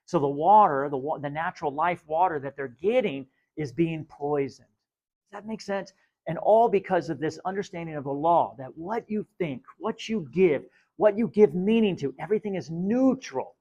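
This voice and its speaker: A man with a fairly high voice gives a spiritual teaching talk. He hammers home his points by repeating phrases and keeps asking if the listener follows. The recording sounds dull and lo-fi. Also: moderate pace, dark tone. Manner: emphatic, repeats key phrases, asks the listener questions.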